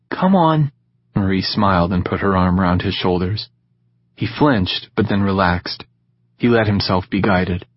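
A man narrates a novel in a calm, measured voice that sits lowish and husky. The recording is dead dry and a little muffled, like a close home-studio read. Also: no echo. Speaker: audiobook narrator. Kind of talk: scripted narration.

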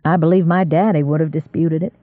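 A man's voice: fairly high pitch, steady tone, fast, dry recording, phone-quality sound, natural voice. A man reading an audiobook and voicing a meek, weary young drifter.

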